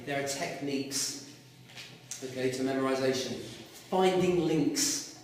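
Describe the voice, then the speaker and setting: A man teaching a lively class, asking students questions as he goes. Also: mid-range voice, unhurried, slight background noise. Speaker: Arabic teacher. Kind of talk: classroom lecture. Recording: echoey room, mic far off.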